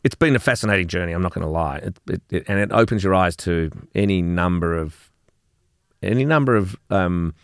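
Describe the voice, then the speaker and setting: A man's voice: sits low, fairly quick, clean tone, no echo, studio quality. A middle-aged Australian man, a company co-founder, telling stories in a casual interview chat, repeating words and swearing now and then. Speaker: gin company co-founder, guest.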